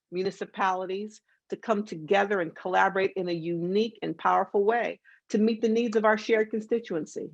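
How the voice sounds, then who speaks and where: Gravelly plain-spoken woman, dull audio. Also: medium pitch, no echo. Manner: emphatic, plain-spoken, wry. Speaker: panelist. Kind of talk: conversational panel discussion. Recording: dull lo-fi video call audio.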